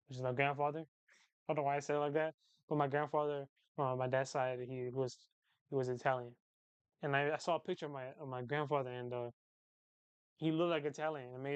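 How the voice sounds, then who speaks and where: Smooth, dry-voiced young man chatting casually. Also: fairly high pitch, no room sound, dull audio. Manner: rambling, repeats phrases, relaxed slangy talk. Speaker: livestream host chatting with viewers. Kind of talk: casual chat.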